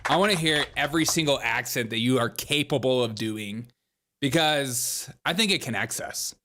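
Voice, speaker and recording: A man's voice: medium pitch, normal speed, noisy background. A man hosting a comedic news commentary show, mocking and laughing often as he slips into put-on accents.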